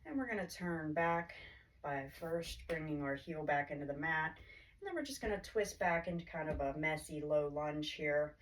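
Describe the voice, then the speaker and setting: A woman yoga instructor calmly cueing poses and breaths in a guided class, her throat a little choked up. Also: low voice. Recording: distant mic with faint background hiss.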